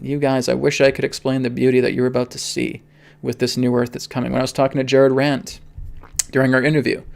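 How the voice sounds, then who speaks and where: Emphatic gravelly-voiced man hosting a livestream. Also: mid-range voice, flat delivery, fast talker, a little mellow. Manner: emphatic, repeats "okay?" often. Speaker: spiritual reader and host. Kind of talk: live stream talk and Q&A.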